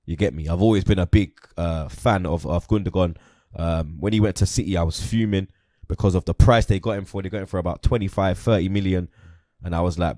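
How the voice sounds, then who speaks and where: A young man talks football in a relaxed, slangy way, dropping "you get me" and "blood" into nearly every sentence. His voice sits fairly low, and the sound is close and dry with almost no room. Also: fairly quick, no echo. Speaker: host. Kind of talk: casual football chat.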